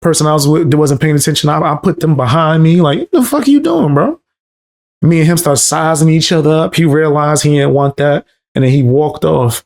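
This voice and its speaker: A man's voice: fairly high pitch, level tone, fairly quick, darkish tone. A man from the Bronx with a New York accent, telling loose, profane stories in casual chat on a live stream. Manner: loose, profane storytelling with street slang.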